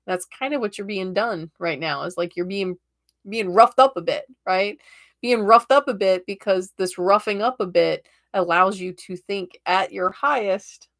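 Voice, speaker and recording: A woman's voice: medium pitch, a little slow, fairly bright tone. A woman reading tarot cards on a live stream, chatty and reassuring, often checking in with "okay?" and laughing easily.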